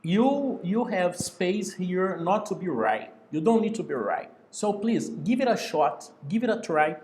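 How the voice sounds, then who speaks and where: A man with a high, lively voice teaches an English class over a video call. He talks slowly and patiently, repeating each key word. His voice carries a roomy echo. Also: a little hiss or hum.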